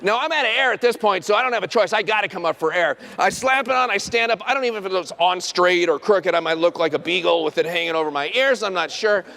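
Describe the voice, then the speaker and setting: A man's voice: fast talker, gravelly, hardly any pauses. A middle-aged man, a dentist, telling a funny self-deprecating story on stage and acting out the quotes. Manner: self-deprecating, animated, acts out quotes in high voice. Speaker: dentist and speaker. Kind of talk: humorous storytelling talk.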